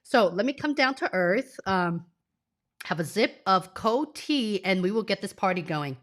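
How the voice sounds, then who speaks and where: A woman's voice: medium pitch, lively intonation, measured pace, fairly bright tone. A woman in her forties hosts a live stream from a home office, speaking through a desk mic. She is under the weather, sniffly and near tears. She talks straight to her viewers in an effusive, emotional way. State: sick, sniffly, tearful. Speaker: career coach.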